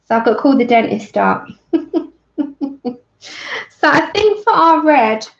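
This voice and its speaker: A woman's voice: high-pitched, very animated, measured pace, vocal fry, lo-fi sound. A woman, chatting casually as she colours on a livestream, laughing often and acting out a story. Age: 30s. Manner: chatty, laughs often, acts out her own story in quoted voices.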